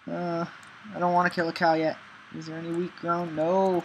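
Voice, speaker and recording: A man's voice: on the high side, monotone, normal speed, slight background noise, rough recording. A man giving rambling gameplay commentary, talking to himself with many ums and chanting single words over and over. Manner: talks to himself, frequent ums. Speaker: gameplay video maker.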